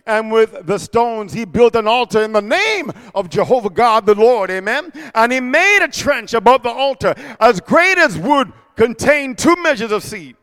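A man preaching a fervent sermon, reading scripture aloud, swinging between shouts and hushed asides, and calling out for amens. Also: extremely high pitch, very animated, normal speed, few pauses, clean tone.

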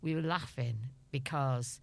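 A woman's voice: extremely low pitch, unhurried, gravelly, a little mellow. A middle-aged woman with a Liverpool accent, a chatty guest telling stories in an interview and laughing often. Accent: Liverpool (Scouse). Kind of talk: anecdotal interview chat.

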